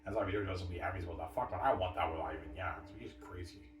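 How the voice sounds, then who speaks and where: A man's voice: deep voice, rapid-fire. A man talking in a repetitive, profane, rambling monologue. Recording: echoey room, mic far off.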